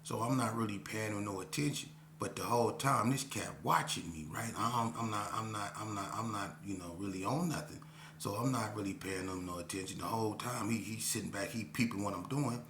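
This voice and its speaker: A man's voice: fairly low pitch, a little fast, a bit bright. A man telling a personal story in a casual, slangy way, often saying "you know what I'm saying". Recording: roomy echo, faint hum.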